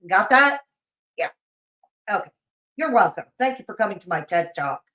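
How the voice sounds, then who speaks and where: A woman's voice: mid-range voice, animated, moderate pace, fairly bright tone. A woman hosting a livestream in casual chat, sarcastic and mocking, her voice a little off and sleepy. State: voice feels off, sleepy. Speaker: livestream host.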